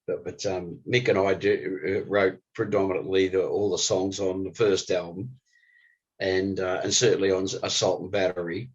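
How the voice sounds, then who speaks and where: Husky older aussie guy spinning a story, voice jumps up when he gets going, a bit dull and lo-fi. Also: sits low, steady tone, moderate pace. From Australia. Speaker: guest musician. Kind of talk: storytelling interview. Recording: slightly dull lo-fi recording.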